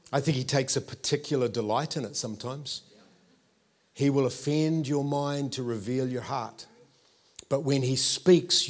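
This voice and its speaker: A man, preaching a sermon with animated storytelling and playful asides to the congregation. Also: a little high. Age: 50s.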